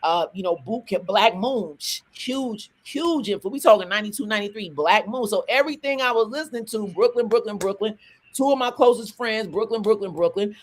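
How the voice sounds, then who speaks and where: Animated woman rapper telling stories. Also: mid-range voice. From Southern US, Atlanta. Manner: animated, talks fast in bursts with restarts. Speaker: rapper, guest. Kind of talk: casual interview storytelling.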